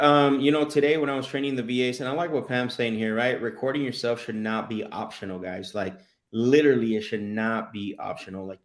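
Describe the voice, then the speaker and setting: A man's voice: lowish voice, reverberant. A man hosting a casual sales podcast, telling stories with lots of restarts and repeated words. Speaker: podcast host and sales coach.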